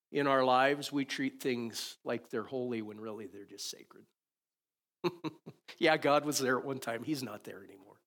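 A male pastor delivers a sermon in a conversational way. His voice sits at an ordinary middle pitch. He keeps checking in with the listeners and moves between louder and quieter stretches. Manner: conversational, often asks "right?", shifts between loud and soft.

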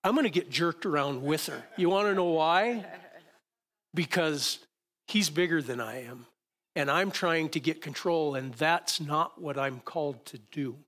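A man's voice: fairly high pitch, measured pace, a bit bright. A male pastor preaching to a congregation in a conversational way, often restarting his sentences as he coaches volunteers through a demonstration on stage. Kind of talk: sermon with live stage demonstration. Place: church stage before a congregation.

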